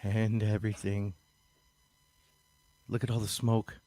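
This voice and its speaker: A man's voice: on the low side, level tone, measured pace, mellow, dry recording. A man chatting on a podcast, chiming in with short jokey remarks. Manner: jokey, chimes in with short quips. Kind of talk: casual chat.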